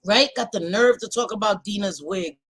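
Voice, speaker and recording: On a rough recording, a livestream host with a mid-range, slightly breathy voice speaks at normal speed. She's ranting to her chat in a heated, foul-mouthed, casual manner, lurching between loud outbursts and quieter passages.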